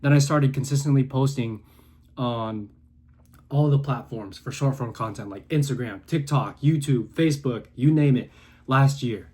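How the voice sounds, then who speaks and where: A young man in his twenties delivers a fervent, preachy talk straight to camera from his room. His voice sits at a middle pitch and swings between hushed, low moments and near-yelling bursts of conviction. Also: normal speed, slightly rough. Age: 20s. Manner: intense, preachy, swings between quiet and loud. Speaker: content creator. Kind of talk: passionate motivational monologue.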